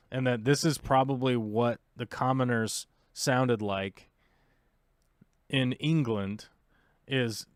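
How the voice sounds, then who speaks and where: A man's voice: mid-range voice, clean tone, no echo, clean studio sound. An American man hosting a livestream, chatting casually and rambling with lots of fillers as he reads viewer comments. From United States. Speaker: livestream host.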